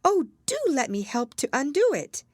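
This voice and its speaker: A woman's voice: high voice, sing-song, normal speed, no room sound, studio quality, voice pushed up. A woman voicing an earnest, polite young girl who talks eagerly and humbly in a storybook reading.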